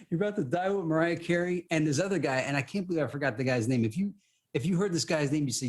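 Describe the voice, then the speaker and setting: A man co-hosting a podcast, telling a story in casual chat with lively restarts. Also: a little high, fast. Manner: animated storytelling, restarts often. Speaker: podcast co-host.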